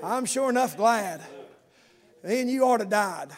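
A man preaching a sermon in an impassioned way, moving from soft, close talk to fervent, shouted cadences. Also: high voice, animated, unhurried.

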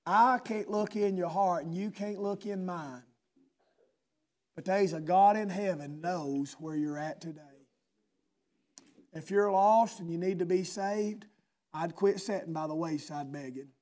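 A man preaching a sermon in a church service, swinging from loud shouting to low intimate speech and firing rhetorical questions at listeners by name. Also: measured pace.

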